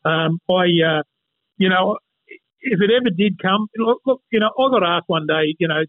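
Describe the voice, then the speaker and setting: A man's voice: high voice, moderate pace, no room sound. A blunt Australian man in his fifties, a former rugby league player chatting as an interview guest and saying mate often. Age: 50s. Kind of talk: casual interview chat. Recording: tinny phone-like line.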